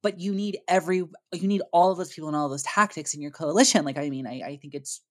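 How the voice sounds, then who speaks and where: A low-pitched woman co-hosting a podcast, talking casually. She rants emphatically and swears freely, piling on point after point. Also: fast talker. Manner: profane, emphatic ranting. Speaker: podcast co-host. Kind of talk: casual chat.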